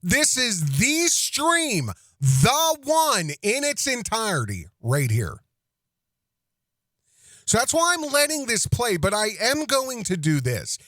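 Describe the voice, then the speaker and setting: A male host reacting to a stream in casual commentary, exasperated and swearing freely. His pitch swings a lot, and he is recorded dry on a close mic. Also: huge pitch swings, pushed and bright, dry recording. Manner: exasperated, profane, halting.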